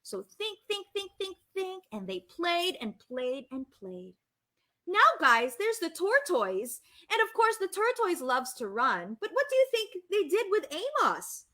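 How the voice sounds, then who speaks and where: A Filipino woman reading a story aloud live for children, animated and gushing, often asking the kids questions. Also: very high voice, measured pace. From Philippines.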